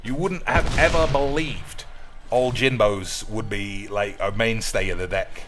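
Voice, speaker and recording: Man, game streamer, crude jokey commentary, bright voice, faint music underneath. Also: lowish voice, a little slow. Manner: crude, joking and excitable.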